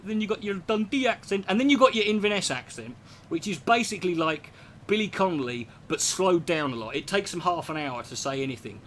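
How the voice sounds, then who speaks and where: A man's voice: high-pitched, a little fast, fairly bright tone, slight background noise. A man performing a stand-up comedy routine, rambling and profane, slipping into impressions.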